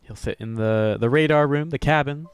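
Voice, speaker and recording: A man's voice: medium pitch, normal speed, faint music behind. A man giving upbeat, jokey play-by-play commentary on a video game match, chuckling often and poking fun at himself. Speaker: esports commentator.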